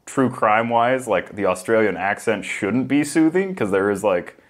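A man co-hosting a podcast in casual chat, animated and full of fillers. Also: lowish voice, normal speed. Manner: animated, lots of fillers, mimics voices. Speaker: podcast co-host.

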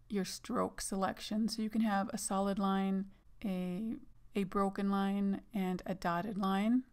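A woman narrating a software tutorial, explaining each step in a casual, plain way as she clicks through the menus. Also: medium pitch, smooth. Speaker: online course instructor.

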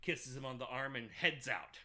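A man's voice: medium pitch, moderate pace. A man co-hosting a podcast, casually retelling a film's plot and acting out the characters' lines with laughs. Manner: animated retelling with acted-out quotes and laughs. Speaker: podcast co-host. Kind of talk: casual movie recap chat.

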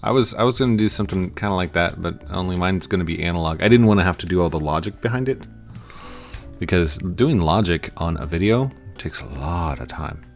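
A man's voice: deep voice, lively intonation, a little fast, vocal fry, soft background music. A man giving casual, playful commentary while playing a game, acting out little scenes and sound effects. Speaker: gaming YouTuber.

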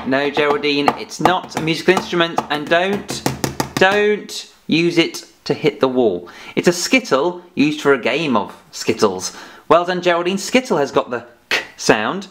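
A man leads a children's phonics lesson with a lively, swooping voice. He talks slowly and patiently, mixing playful scolding with praise. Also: a little high, very noisy. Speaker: phonics teacher.

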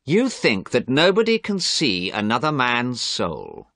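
A man reading a storybook, voicing a cruel, mocking young man who speaks slowly and hard. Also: mid-range voice, sing-song, a bit bright, no room sound, studio quality, pitched above the performer's own voice. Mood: cold, cruel.

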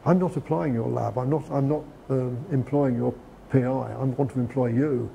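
A man's voice: medium pitch, steady tone, moderate pace, gravelly, mellow, a little hiss or hum. A man giving a talk on preparing a CV, conversational, with frequent restarts and fillers. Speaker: guest lecturer. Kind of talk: lecture on preparing a CV.

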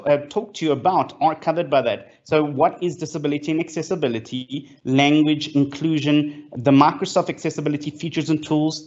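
A man, presenting as a guest speaker in a fireside chat, enthusiastic, with many fillers and restarts. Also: fairly high pitch. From South Africa. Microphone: video call. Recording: lo-fi online call audio.

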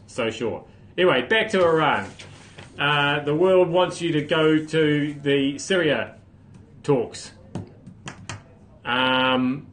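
A man hosting a solo comic livestream, with wry deadpan asides and sudden loud outbursts. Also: on the high side. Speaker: host. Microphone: phone camera.

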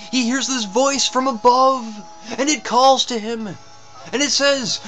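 Man telling a deadpan comic tale. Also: extremely high pitch, a little slow, soft background music. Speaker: comedic storyteller. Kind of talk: comic storytelling.

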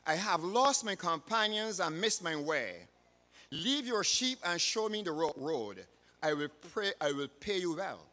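A man's voice: high-pitched, big pitch swings, a little slow, sharp tone, heavily acted. A man reading the part of a hungry, lost hunter who coaxes a boy, in a reverberant hall. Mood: coaxing. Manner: coaxing, then indignant. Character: hungry, scheming nobleman posing as hunter.

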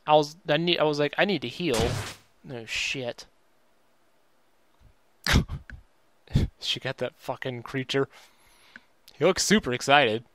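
A man giving casual gameplay commentary, reacting excitably, cursing often and reading on-screen game text aloud. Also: mid-range voice, takes it slowly, long pauses, clear, resonant tone, dry recording. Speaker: let's play gamer. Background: game music.

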